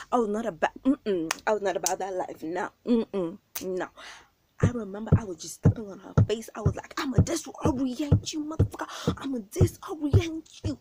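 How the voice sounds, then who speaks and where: A woman telling a story on her vlog, slangy and animated, acting out the quotes with loud bursts. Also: medium pitch, a little hiss or hum. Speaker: vlogger.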